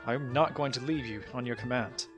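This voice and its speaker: A man's voice: medium pitch, a little fast, soft background music, close to an everyday voice. A man voicing a dutiful, stubborn male orc guard in a tabletop game, speaking stiffly and formally.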